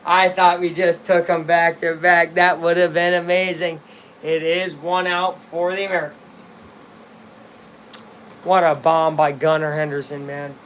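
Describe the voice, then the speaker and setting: A young man giving casual play-by-play as he watches a baseball game live, rambling between pitches and bursting into shouts at big hits. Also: little pitch movement, a little slow, slight background noise. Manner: chatty, rambling, erupts into shouts at big plays.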